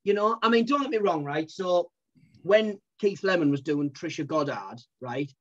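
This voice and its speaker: A man's voice: fairly high pitch, animated, moderate pace, muffled recording. A man, a comedian, chatting casually in an interview, rambling with lots of fillers. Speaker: comedian and impressionist.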